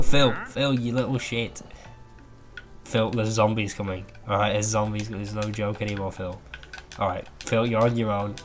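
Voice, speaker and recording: A man giving casual gameplay commentary, swearing freely and chatting to his in-game pet. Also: lowish voice. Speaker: gamer. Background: clear background music.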